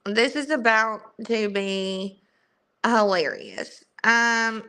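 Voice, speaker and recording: Young Southern woman host, bright clear voice, unhurried casual livestream chat. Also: a little high. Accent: strong Southern US. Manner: chatty, greets viewers by name.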